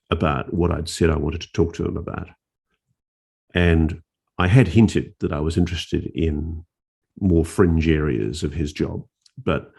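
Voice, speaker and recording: A male journalist telling a story in casual conversation, animated and often restarting his phrases. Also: a bass voice. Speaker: investigative journalist, interview guest.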